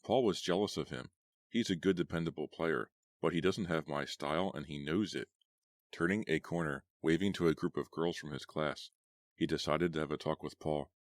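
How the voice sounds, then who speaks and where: Deep bassy guy reading a horror book out loud, steady pace, dry close mic. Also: moderate pace, no room sound. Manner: even storytelling, voicing characters lightly. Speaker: audiobook narrator. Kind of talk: scripted narration of a teen horror novel.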